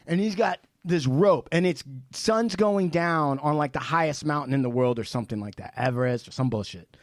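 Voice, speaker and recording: A man with a slightly high voice spins a long tale on a casual podcast. He talks in a loose, profane way and bursts into shouted re-enactments. The sound is dry and close. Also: normal speed, dry recording. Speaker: podcast guest, film director.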